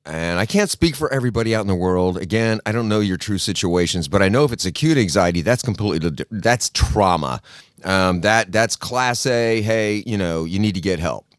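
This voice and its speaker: Fairly quick and animated, this man's low-leaning voice comes through with no room sound in a studio-quality recording. Hosting his podcast solo, he spins a folksy, casual story, voicing the characters and frequently starting sentences over.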